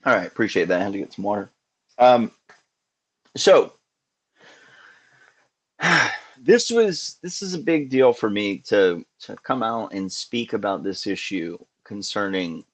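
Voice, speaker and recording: A man's voice: fairly low pitch, expressive, measured pace, pauses often. Earnest, musing man hosting a live show. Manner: earnest and musing, with many restarts. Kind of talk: casual live call-in chat.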